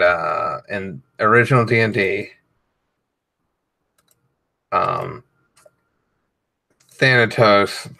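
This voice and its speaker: A man with a fairly low, gravelly voice chats casually on a live stream while he colors. His talk is loose and profane, wandering between thoughts with frequent fillers. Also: bright, forceful tone. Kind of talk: casual rambling chat.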